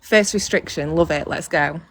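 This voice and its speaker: A woman's voice: sits low, normal speed, slight background noise. A woman hosting a casual livestream on a phone mic, blunt and profane, talking straight to her viewers. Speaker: livestream host.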